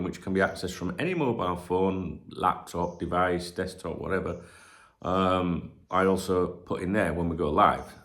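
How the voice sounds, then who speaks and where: Northern english bloke in his 40s, low gravelly voice, sweary rambling stream chat from home. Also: fairly bright tone. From north of England. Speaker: channel host. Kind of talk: casual livestream chat.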